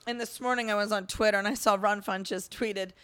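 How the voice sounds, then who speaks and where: Bright, animated woman telling a story. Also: mid-range voice, brisk, clean tone. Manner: animated storyteller, acts out quotes. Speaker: podcast co-host. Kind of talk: casual chat.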